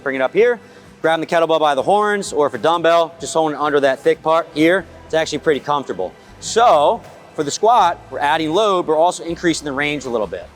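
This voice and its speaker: A brisk, fairly high male voice explains knee rehab exercises while coaching a patient through the movements. He keeps an energetic physical therapist's coaching manner throughout. Faint music runs behind. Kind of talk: exercise instruction.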